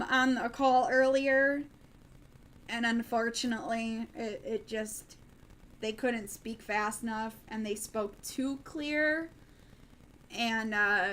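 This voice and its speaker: Midwest woman hosting a late night news stream, kinda high voice, rambly with lots of ums, faint hum behind. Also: a bit bright, low-quality recording. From American Midwest. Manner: chatty, rambling with many ums and restarts. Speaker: livestream news host. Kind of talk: casual late-night livestream chat.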